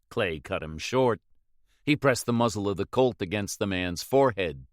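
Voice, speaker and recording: A man narrating an audiobook in a measured, dramatic reading. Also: low-pitched, no room sound, clean studio sound.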